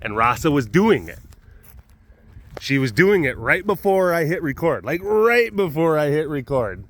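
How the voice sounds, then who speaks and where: A man with a slightly higher voice, hosting a big cat webcast from outdoors. He talks in a loose, meandering way, trips over his own sentences and laughs as he goes. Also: big pitch swings, a little slow. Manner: chatty and meandering, many restarts, laughs often, now and then mimics animal sounds. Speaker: big cat sanctuary keeper and webcast host. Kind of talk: casual rambling talk to camera. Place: outdoors at a wild animal facility.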